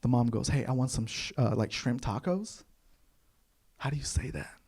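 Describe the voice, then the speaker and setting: A man's voice: mid-range voice, normal speed, slightly rough. A young man from Kentucky performing a stand-up comedy set on a club stage, acting out the other people in his stories. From Kentucky, USA. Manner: animated storytelling, acts out voices of others. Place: comedy club stage before a live audience.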